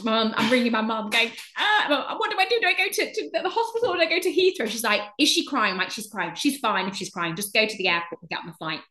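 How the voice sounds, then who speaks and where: A woman's voice: mid-range voice, reverberant, a little hiss or hum. A woman from England in her thirties, a guest telling a story in casual chat and acting out what everyone said. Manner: animated storyteller acting out quoted voices.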